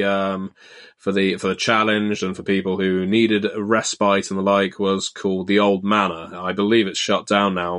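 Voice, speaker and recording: A man's voice: on the low side, a bit bright. A British man in his thirties telling wry, self-deprecating anecdotes in a casual chat, with frequent hesitations. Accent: British English. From Britain.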